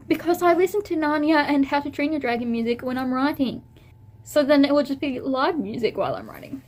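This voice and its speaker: A young woman chatting casually to camera in a vlog, rambling and laughing at herself, a little teary. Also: on the high side. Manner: rambling, self-amused, giggly. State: teary and emotional. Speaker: vlogger.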